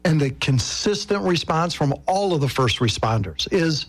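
A man's voice: fairly high pitch, animated, moderate pace. A man talking earnestly as a guest on a radio show. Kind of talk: casual radio interview.

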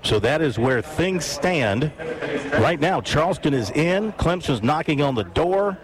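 A man hosting sports talk radio, running through scores briskly and bantering in a relaxed way. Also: fairly high pitch, crowd noise.

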